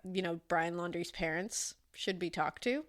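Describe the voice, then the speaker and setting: A woman's voice: fairly low pitch, moderate pace. Congested woman podcast co-host. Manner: chatty, with frequent fillers and laughs. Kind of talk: casual true-crime chat.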